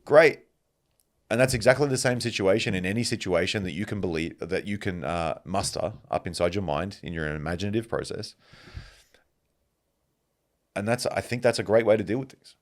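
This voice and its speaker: A man hosting a podcast, telling stories in a casual, animated monologue and swearing freely. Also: sits low, moderate pace, long pauses. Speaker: podcast host.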